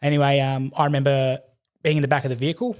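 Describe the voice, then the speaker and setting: A middle-aged Australian man telling a war story in casual chat, animated and swearing, acting out the quotes. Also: mid-range voice, fast. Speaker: podcast guest, army veteran.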